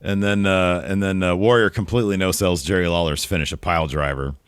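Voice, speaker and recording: A man co-hosting a casual wrestling review podcast, joking and talking in an animated way. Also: fast talker, clean tone, no room sound, studio quality. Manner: animated, jokey, jumps into higher pitch for emphasis. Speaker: podcast co-host.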